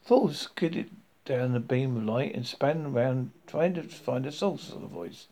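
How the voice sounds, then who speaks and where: A man's voice: medium pitch, animated, a little slow, dark tone. A man reading a comic story aloud, stumbling and correcting himself as he goes. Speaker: reader.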